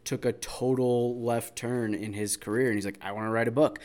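A man's voice: mid-range voice, steady tone, brisk, a little mellow. A man co-hosting a casual video call chat, rambling and hedging as he explains things. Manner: rambling, lots of fillers and hedges. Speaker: podcast co-host.

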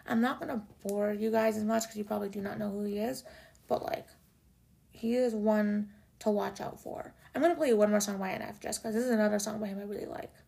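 A young woman chatting casually as a music vlogger, gushing like an excited fan. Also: mid-range voice, a little fast, vocal fry. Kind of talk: casual chat.

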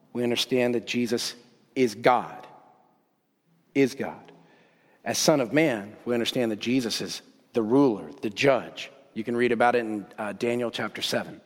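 A male pastor preaches in a casual, storytelling manner at a middle pitch. He swings between lively excitement and quieter reflection. His voice rings with the long reverb of a large church hall. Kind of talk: sermon.

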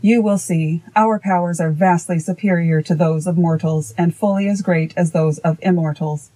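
A woman reading voicing a fierce, arrogant male goblin king with slow, menacing defiance. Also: fairly low pitch, steady tone, warm tone, close to an everyday voice, low-quality recording. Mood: defiant.

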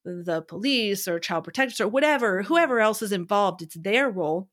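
A woman hosting a casual conversation, speaking warmly and affirmingly, growing animated when she makes a point. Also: mid-range voice, normal speed. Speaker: host.

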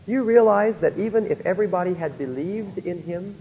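A man's voice: high voice, lively intonation, brisk, warm tone, slight background noise. A man teaching a Bible lecture, often stopping to ask his listeners rhetorical questions to check they follow. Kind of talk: recorded theology lecture. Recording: dull lo-fi recording in a reverberant hall.

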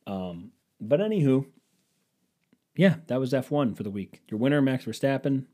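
Profane, rambling man with a mellow voice. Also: medium pitch, animated, normal speed. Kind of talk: casual chat.

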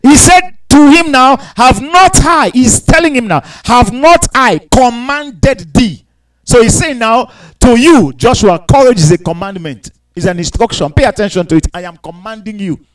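A man preaching a sermon, dropping to quiet asides and rising to loud, drawn-out scripture readings, asking the congregation to answer back. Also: extremely high pitch, animated, rough recording. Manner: calls out to the congregation for responses.

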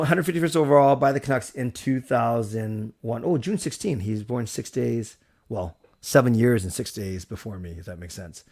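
A man hosting a casual live stream, chatty and rambling, thanking viewers as he goes. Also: medium pitch. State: recovered from a cold. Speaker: livestream host.

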